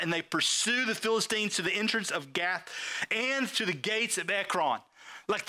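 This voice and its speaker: A man preaching a sermon, asking the audience questions and swinging his delivery up and down for emphasis. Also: bright, forceful tone. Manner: call-and-response questions, emphatic swings in pitch.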